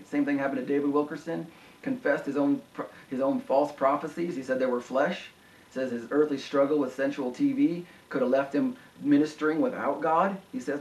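A man preaching a sermon with impassioned delivery, rising to high emphatic peaks. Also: a little mellow. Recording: echoey room, voice from far off.

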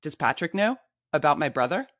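A woman's voice: low-pitched, big pitch swings, fairly quick, no room sound, clean studio sound. A woman reading her memoir aloud, voicing a brash, blunt woman friend who bosses people around at a bar. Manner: pushy, blunt, bossy.

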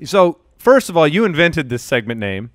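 A man's voice: a little high, sing-song, moderate pace, no echo, clean studio sound. A man hosting a podcast in casual chat, upbeat and joking as he runs the show. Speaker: podcast host. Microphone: studio podcast mic.

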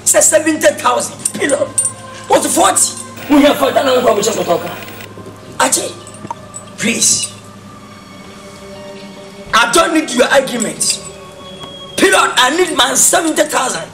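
An actor with a Ghanaian accent playing a hot-tempered man haggling over his car, shouting and repeating himself. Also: very high voice, lively intonation, measured pace, pauses often, faint music behind, heavily acted. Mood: angry. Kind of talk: film drama acting.

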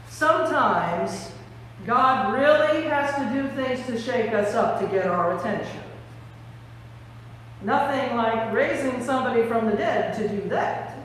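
A woman preacher giving an Easter sermon, telling the story with animated, theatrical storytelling. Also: high-pitched, a little hiss or hum. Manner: animated storytelling, acting out scenes. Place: large church sanctuary. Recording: echoey hall from a distant mic.

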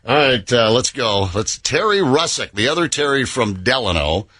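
Joking radio host man, bright husky voice. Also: medium pitch, sing-song, normal speed, no room sound, clean studio sound. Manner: joking, teasing callers, laughs often. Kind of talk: casual morning radio banter.

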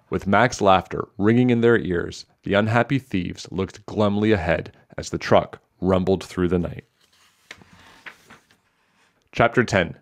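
A man reading a children's novel aloud in a steady, clear storytelling manner. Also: low-pitched. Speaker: storybook reader.

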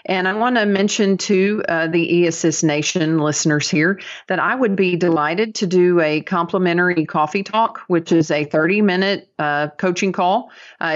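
A woman guesting on a podcast as a dental business coach, talking in an upbeat, chatty way with many fillers. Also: lowish voice. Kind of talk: casual podcast interview. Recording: dull lo-fi audio.

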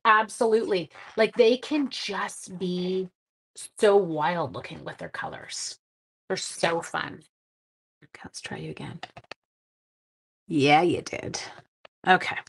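A woman's voice: lowish voice, slow pace, long pauses, slightly rough. A middle-aged woman chatting to viewers during a casual live-stream card-making demo, with silly sound effects.

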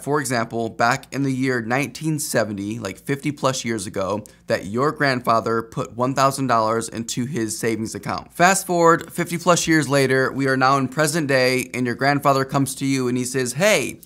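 A man's voice: mid-range voice, fairly bright tone. A man hosting a beginner's tutorial, explaining things step by step in an upbeat, direct way that speaks straight to the viewer. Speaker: investing educator, channel host.

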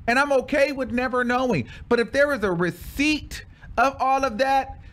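A man's voice: very high-pitched, moderate pace, fairly bright tone. A man telling a personal story in casual story-time style, dramatic and full of exclamations.

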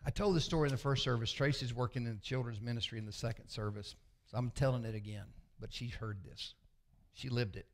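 A pastor in his sixties preaches a sermon through folksy, confessional storytelling, his voice often sinking to a low murmur. He speaks briskly.

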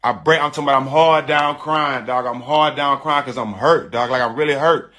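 A man casually telling a personal story to an online audience, animated and emphatic, repeating phrases and calling his listeners "dog" and "bro.". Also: medium pitch, fairly quick. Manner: frank and confessional, with slangy speech.

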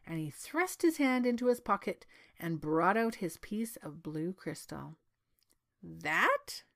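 A woman storyteller reading a storybook aloud in an expressive, lively way. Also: mid-range voice, unhurried. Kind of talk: read-aloud storybook narration.

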